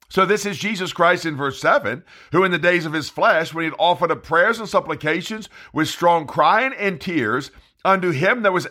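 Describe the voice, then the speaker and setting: A man's voice: fairly high pitch, bright, forceful tone. A man preaching a Bible study sermon, reading scripture aloud with emphasis. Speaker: evangelist preacher.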